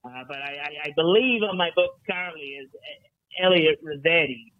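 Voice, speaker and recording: A man's voice: fairly high pitch, normal speed, no echo, narrow, tinny audio, natural voice. A man putting on a brash, swearing American talent agent. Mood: sleazy. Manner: loud, boastful, swearing, stammering restarts. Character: brash, foul-mouthed middle-aged male talent agent. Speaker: caller.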